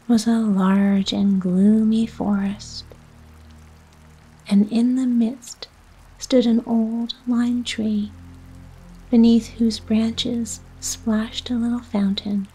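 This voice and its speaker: A woman storyteller reads a fairy tale in a slow, soft, unvoiced whisper. It is whispered role-play for sleep, mellow and breathy, with faint music behind her. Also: fairly high pitch, flat delivery, poor audio.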